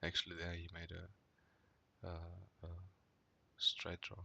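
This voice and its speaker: In a low, gravelly, sharp voice, a man slowly talks through his poker hands with a completely flat delivery. His casual gameplay commentary rambles, packed with fillers and "right?" tags, and he swears when something annoys him.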